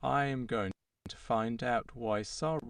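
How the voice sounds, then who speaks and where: A man's voice: mid-range voice, a little slow, no room sound, recorded from a distance, natural voice. A text-to-speech male voice with a British accent, playing an AI chatbot who is an engineer and inventor. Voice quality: smooth synthetic text-to-speech delivery.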